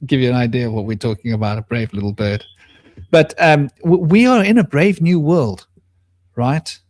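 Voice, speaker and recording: On a video call, a male co-host with a mid-range voice chats casually about spiritual topics at a moderate pace, rambling and often restarting his sentences. He speaks in a soft baby voice to a small pet bird. There's no room sound.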